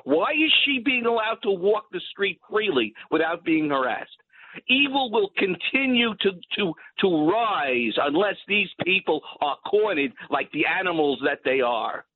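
A man's voice: high voice, very animated, a little slow. A man from Brooklyn calling in to a radio show, speaking in an intense, preachy and emphatic way. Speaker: caller. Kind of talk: ranting call-in comment. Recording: tinny phone line.

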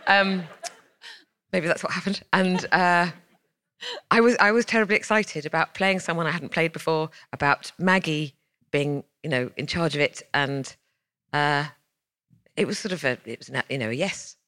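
A woman's voice: deep voice, normal speed, fairly bright tone, no echo, clean studio sound. A woman actress on a festival panel, talking hesitantly and correcting herself as she recalls things. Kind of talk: panel discussion.

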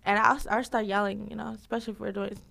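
A woman fitness instructor answering interview questions in a lively, casual way, laughing often and using lots of fillers. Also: mid-range voice, quick pace, vocal fry.

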